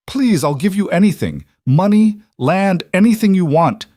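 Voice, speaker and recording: A man doing a shrill, panicked traitor lord. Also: expressive, moderate pace, a little mellow, no echo, studio quality. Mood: frantic. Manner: shrill, frantic, begging. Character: male noble traitor, desperate and pleading.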